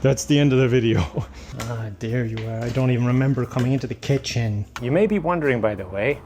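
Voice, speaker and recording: A young man vlogs casually into a phone camera at home, rambling, joking at his own expense and laughing often. His voice sits at a medium pitch for a man. Faint music plays underneath. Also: fast, darkish tone. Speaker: YouTuber. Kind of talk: casual vlog talk to camera. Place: at home, indoors and outdoors.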